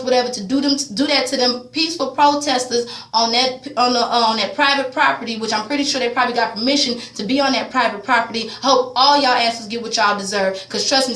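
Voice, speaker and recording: A woman's voice: a little high, fairly bright tone. Heated, profane woman vlogging. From Houston, Texas. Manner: heated, blunt, profane, rambling with many fillers. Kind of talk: emotional commentary vlog. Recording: echoey room, voice a bit far from the mic.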